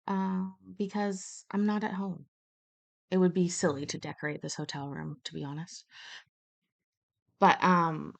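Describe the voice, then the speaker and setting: A woman's voice: fairly low pitch, gravelly. Blunt, profane woman chatting on stream. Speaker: live streamer. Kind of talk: casual chat stream. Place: hotel room.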